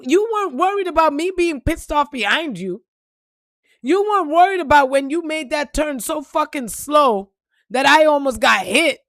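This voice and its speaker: A woman's voice: high voice, a bit bright, no echo, studio quality. A woman vlogger telling a story in a blunt, profane, preachy rant. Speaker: spiritual reader and vlogger.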